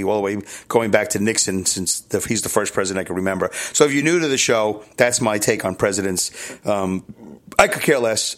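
A middle-aged man from Brooklyn, hosting a podcast alone in a loose, candid ramble, chuckling and correcting himself as he goes. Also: fairly low pitch. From New York City, Brooklyn. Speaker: podcast host. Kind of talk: casual solo podcast monologue.

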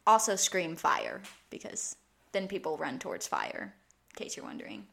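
A woman's voice: low voice, huge pitch swings, moderate pace, vocal fry, fairly bright tone. A woman co-hosting a casual podcast chat, talking in a chatty, laughing way with lots of fillers. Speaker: podcast co-host.

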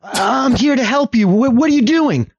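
A man playing a stern woman, high voice, commanding, husky, dry, muffled sound. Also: expressive, moderate pace, no echo, heavily acted. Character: stern adult woman who stops the kids.

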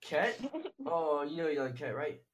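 A man's voice: fairly high pitch, measured pace, heavy background noise. A man in casual voice-chat banter, mocking the others and laughing at them.

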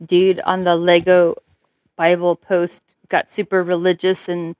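A woman's voice: fairly low pitch, monotone, unhurried, a little mellow, smooth, dry recording. Brash woman, profane casual banter, dry close sound.

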